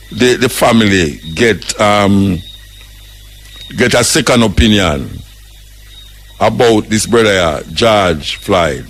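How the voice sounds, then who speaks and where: Older Jamaican radio host, husky voice, fiery preaching monologue in patois. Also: male voice, medium pitch. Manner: impassioned, preaching, mixes patois with English. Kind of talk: radio talk commentary.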